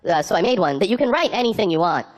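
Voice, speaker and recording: A man's voice: high-pitched, very animated, very fast. A man doing a stand-up comedy set, telling rambling anecdotes full of "like" fillers. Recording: noisy live recording with clicks.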